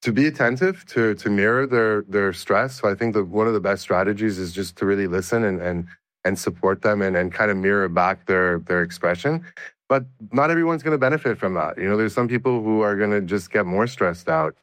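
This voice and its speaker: A male researcher answers interview questions in a measured, explanatory way, often restarting his sentences. His voice sits low and the recording is dry and close, with no room around it. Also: a bit bright, dry recording. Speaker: researcher guest.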